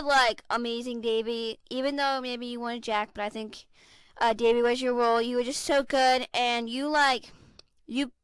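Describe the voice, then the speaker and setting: A bubbly woman gives earnest shoutouts to a castmate. Her voice is fairly high and smooth, and the sound is dry and close. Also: no echo. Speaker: theater cast member giving shoutouts. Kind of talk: casual heartfelt shoutouts.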